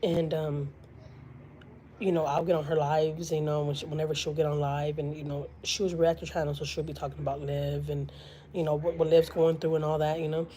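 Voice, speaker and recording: A woman's voice: sits low, flat delivery, brisk, warm tone, slight background noise, rough recording. A woman from Houston, telling a story to her live-stream viewers in a chatty way, with lots of fillers. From Houston, Texas. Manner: chatty, many fillers, quotes others dramatically.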